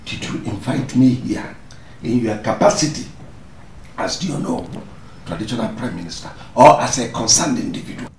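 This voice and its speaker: An actor playing a secretive chief in a royal court, speaking with a Nigerian accent in a slow, grave, hushed manner. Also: male voice, mid-range voice, expressive, echoey room, slight background noise, close to an everyday voice.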